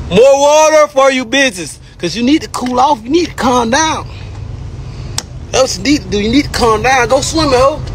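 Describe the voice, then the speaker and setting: Squeaky-voiced man, boastful livestream rant, profane and repetitive. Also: slight background noise. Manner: brash, repetitive, profane, taunting. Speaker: rapper ranting on a livestream.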